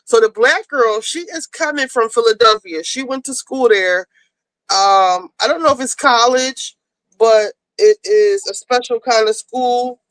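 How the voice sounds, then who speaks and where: A woman's voice: on the high side, measured pace, a bit bright, dry recording, rough recording. A woman hosting a casual talk show, rambling as she retells a TV episode and acts out the characters' lines. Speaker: podcast host.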